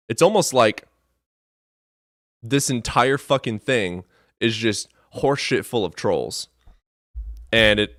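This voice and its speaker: A man's voice: mid-range voice, no echo, studio quality. A man hosting a debate live stream, talking in a casual, sarcastic and profane way.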